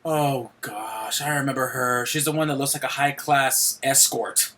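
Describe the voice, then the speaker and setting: A man's voice: mid-range voice, steady tone, measured pace, sharp tone, slight background noise. A young man casually commenting while he streams a game, joking around and laughing often.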